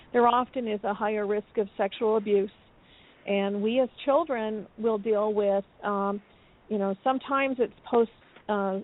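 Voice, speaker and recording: A woman from Canada, a guest author on a radio interview, who answers in a measured way with frequent ums. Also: mid-range voice. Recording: phone-like call-in audio.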